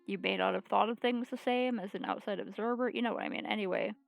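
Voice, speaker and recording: A woman's voice: mid-range voice, fast talker, vocal fry, faint music behind. A woman streamer with a sore, scratchy throat, reading a visual novel aloud and then chatting casually and ramblingly.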